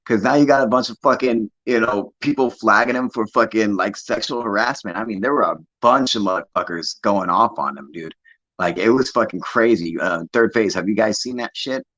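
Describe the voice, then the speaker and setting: A man's voice: fairly low pitch, fairly quick, fairly bright tone, muffled recording. A man hosting a livestream, chatting casually in a rambling, profane way and laughing often. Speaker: livestream host.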